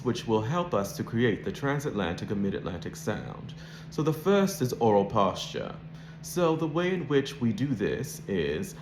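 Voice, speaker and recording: A man's voice: on the low side, roomy sound, background noise. A man coaching an accent, explaining and demonstrating sounds in a lesson.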